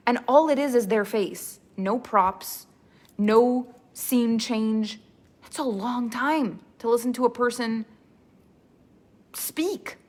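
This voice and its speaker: A woman storytelling coach teaching a live online workshop in an animated, expressive way, laughing often. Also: a little high.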